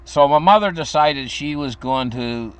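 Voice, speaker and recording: A man's voice: a little high, expressive, a little slow, clear, resonant tone. Man in his fifties, from the United States, casual storytelling, meandering, chuckling. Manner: meandering, chuckles while telling.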